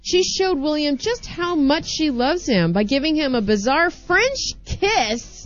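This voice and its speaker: A woman's voice: high-pitched, unhurried, faint music behind. A woman co-hosting a comedy radio show, reading odd news stories with lots of giggles and banter. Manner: animated, giggly storyteller. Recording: dull lo-fi radio recording.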